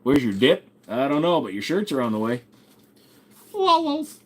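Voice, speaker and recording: A man's voice: medium pitch, animated, fairly quick, a little mellow, slightly rough. A young man hosting a laid-back livestream, reading viewer comments aloud and answering with crude, swear-heavy jokes. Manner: joking, crude, swears often, talks to chat. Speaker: livestream host.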